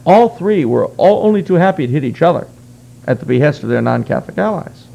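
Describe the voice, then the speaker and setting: A man's voice: a little high, animated, fast, vocal fry, warm tone, rough recording. A man giving a conversational history lecture as a guest, explaining earnestly with wry asides. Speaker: guest speaker.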